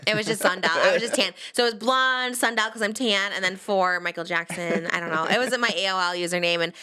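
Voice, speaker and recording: Bright, fast-talking young woman host. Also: mid-range voice, smooth. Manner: bubbly, rambling, laughs often. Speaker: podcast host. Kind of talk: casual chat.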